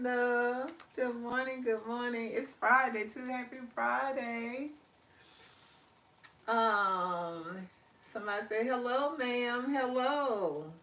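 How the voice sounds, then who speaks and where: Chatty woman, slow and drawn-out. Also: on the high side, fairly even intonation, recorded from a distance. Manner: chatty, laughs often, drawls words slowly; warm encouraging sign-off with spiritual talk. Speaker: livestream host. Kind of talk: casual live-stream chat reading comments.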